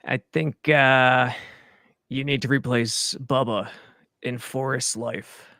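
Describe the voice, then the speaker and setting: Male sports analyst, gravelly, dry close sound, teasing banter. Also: medium pitch, steady tone, takes it slowly, pushed and bright, no echo. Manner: teasing, wisecracking. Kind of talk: casual talk-show banter.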